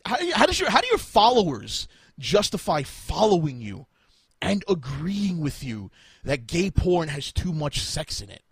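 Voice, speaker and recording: A man's voice: on the high side, wildly swooping pitch, measured pace, breathy edge, no room sound. A man hosting a podcast, talking in a profane, exasperated rant. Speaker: podcast host. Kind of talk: casual podcast chat.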